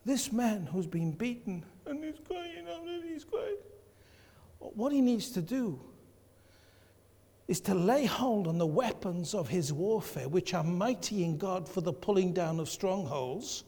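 A man's voice: high-pitched, expressive, a little slow, mellow, breathy edge. A man preaching a sermon to his congregation, emphatic and repeating his key phrases. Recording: long hall reverb.

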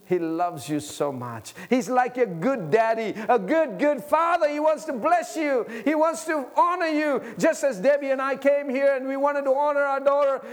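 A man delivering a fervent sermon in a high voice. He drops to a hush and then rises to shouting, and he leads the congregation through prayers line by line. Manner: swings from hushed to shouting, leads the crowd in repeating prayers; fervent and impassioned. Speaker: pastor.

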